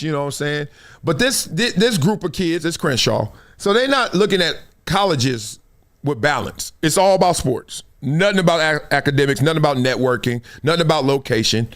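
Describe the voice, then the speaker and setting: Brief: middle-aged host from LA, Los Angeles accent, fairly high voice, lively storyteller. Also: male voice, moderate pace. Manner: animated storyteller, acts out scenes and quotes. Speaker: show host. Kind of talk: casual storytelling monologue.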